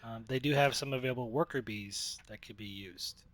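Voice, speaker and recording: A man's voice: mid-range voice, fairly quick, a bit bright, dry recording. A man playing a lieutenant in a tabletop role-play game, reporting dutifully with some fillers.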